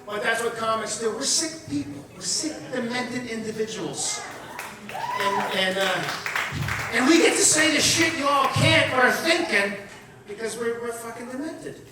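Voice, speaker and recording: A man's voice: extremely high pitch, animated, normal speed. A man, doing a blunt, profane stand-up comedy set full of asides. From Long Island, New York. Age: 50s. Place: comedy club or event room with live audience. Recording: echoey room, captured from far off with crowd noise.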